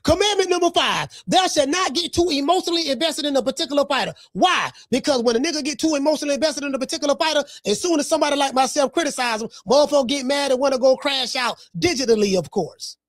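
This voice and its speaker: A woman's voice: sits high, quick pace, hardly any pauses, no room sound, studio quality. A woman hosting a podcast, delivering brash, profane boxing commentary with lots of repetition. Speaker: podcast host.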